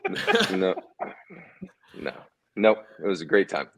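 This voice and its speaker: A man, a former ballplayer, telling relaxed anecdotes as a guest in a casual interview, often chuckling. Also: low voice, moderate pace, vocal fry. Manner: laid-back, chuckling anecdotes.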